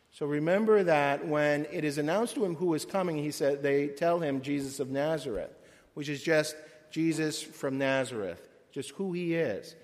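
A man, a priest, reading scripture and preaching a sermon with a solemn, measured cadence. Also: a little high. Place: church. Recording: long church reverb.

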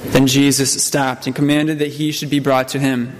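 A man as a priest reading the epistle and gospel, then preaching, in a measured, solemn manner with small slips. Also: mid-range voice, flat delivery. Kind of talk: scripture reading and sermon. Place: church. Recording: long church reverb, faint room noise.

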